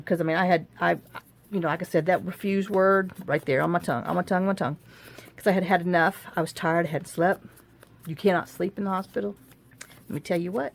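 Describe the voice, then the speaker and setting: A woman's voice: lowish voice, a little fast. A woman vlogger chatting and telling a long story while she crafts, frank and rambling, recorded on a phone camera. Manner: rambling, frank, repeats herself.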